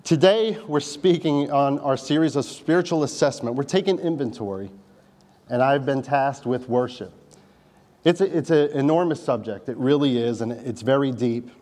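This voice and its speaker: A man's voice: medium pitch, moderate pace, dark tone. A man preaching a sermon in a conversational style, with wry asides to the congregation. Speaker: pastor.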